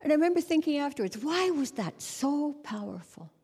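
A middle-aged woman giving a humorous storytelling sermon at a conference, animated and conversational, sometimes breaking into song to make a point. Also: high-pitched, brisk. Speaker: conference speaker. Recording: long reverb of a large hall.

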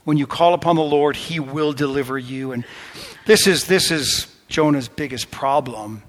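A man preaching a sermon as pastor, impassioned, swinging between loud exclamations and hushed whispers. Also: mid-range voice, moderate pace. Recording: long reverb of a large hall.

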